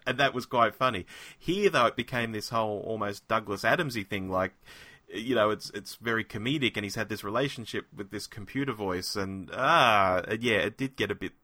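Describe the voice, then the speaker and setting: A man's voice: lowish voice, normal speed, sharp tone, dry recording. A man co-hosting a podcast and giving an enthusiastic, conversational episode review on a close mic. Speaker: podcast co-host. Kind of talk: casual review chat.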